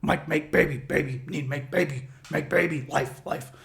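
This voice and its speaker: A crude primal caveman voice, put on by a man, yells and grunts in broken, clipped words. It sounds gravelly and pushed up high. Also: steady tone, moderate pace. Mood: grunting. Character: primal caveman lizard-brain voice, male, crude and aggressive.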